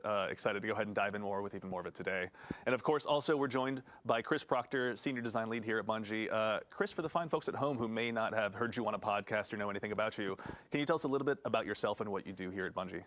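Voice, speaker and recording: A man's voice: fairly low pitch, rapid-fire, a bit bright. A man hosting a developer livestream, running upbeat, scripted introductions of his guests. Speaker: stream host interviewing developers.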